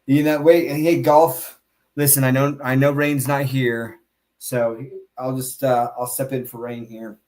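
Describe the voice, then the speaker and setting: A man hosting a casual podcast, talking in an animated, emphatic way with quick asides and restarts. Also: mid-range voice, echoey room. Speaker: podcast host. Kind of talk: casual crypto podcast chat.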